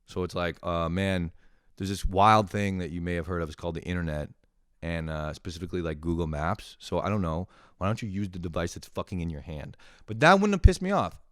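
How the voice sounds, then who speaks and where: A young man doing a profane, sarcastic comic rant, animated and full of swearing. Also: sits low, fairly quick, smooth, no room sound, studio quality. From lives in Montreal. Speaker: comedian ranting to camera.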